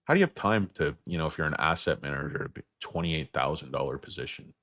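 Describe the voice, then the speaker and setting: A man with a hoarse voice from getting sick, hosting a casual livestream about stocks. He rambles, jokes crudely and talks to his viewers. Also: rumbling low, lively intonation, quick pace, a bit bright, no room sound, studio quality. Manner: rambling, crude, joking asides. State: losing his voice, feeling sick. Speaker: stock market livestream host.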